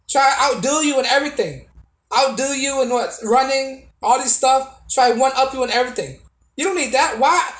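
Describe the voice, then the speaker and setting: A man's voice: very high-pitched, fairly bright tone, roomy sound, low-quality recording. A man giving a casual opinion monologue to camera as a video blogger, preachy and repetitive, with many restarts and tag questions.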